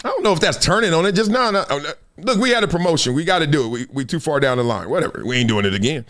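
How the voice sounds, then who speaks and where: A man's voice: a little high, animated, racing, few pauses, fairly bright tone. A middle-aged man hosting a live stream, reading out news and breaking into slangy, laughing asides. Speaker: host.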